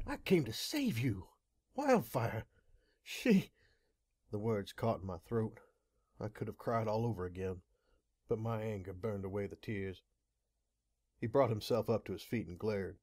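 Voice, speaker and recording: A man reads an audiobook aloud in a dramatic, measured style. His voice is low. The recording is dry and close, with no room sound. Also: steady tone, warm tone, dry recording. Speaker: audiobook reader. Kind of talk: scripted narration.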